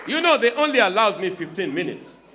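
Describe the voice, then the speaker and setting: A man performing stand-up comedy on a club stage, teasing the audience and swinging between hushed asides and sudden shouts into a handheld mic. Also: sits high, big pitch swings, a little fast, some chatter behind.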